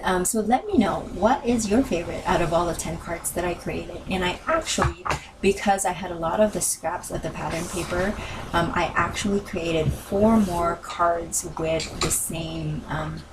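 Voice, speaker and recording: A woman's voice: fairly low pitch, far from the mic, noisy background. A woman narrating a crafting video in a casual voice-over, rambling with many ums and self-corrections, her voice worn from talking. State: losing her voice.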